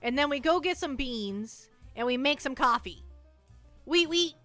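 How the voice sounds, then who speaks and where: A woman's voice: sits high, lively intonation, a little slow, pushed and bright, dry recording, soft background music. A woman live streamer chatting casually in a playful, rambling, self-mocking way, jittery from too much caffeine, at home on a close mic. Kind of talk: casual chat to a live audience.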